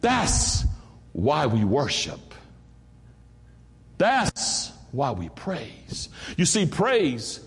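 Lively Southern preacher in a reverberant church. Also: male voice, fairly high pitch, extremely slow, pauses often, slightly rough. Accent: Southern American. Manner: folksy, preacherly, calls out "Amen?" to the congregation. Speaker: pastor. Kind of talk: sermon. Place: church sanctuary. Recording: church hall with long reverb.

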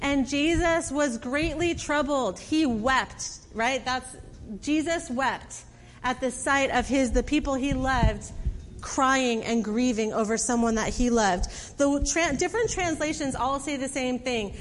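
A woman's voice: sits high, measured pace, in a large hall, slight background noise. A woman preacher retelling a story in a conversational sermon, with casual fillers and acted quotes. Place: church hall.

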